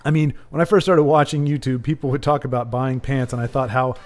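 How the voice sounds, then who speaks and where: A man's voice: a little high, expressive, quick pace. A man hosting a livestream, chatting casually and jokingly with viewers, often correcting himself as he rambles. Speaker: livestream host.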